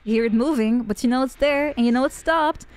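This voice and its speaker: A woman's voice: sits high, fairly quick, a little mellow, slight background noise. A woman streamer, native Dutch speaker, reading horror game text and chatting casually with viewers, often giggling. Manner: chatty, giggly, self-mocking.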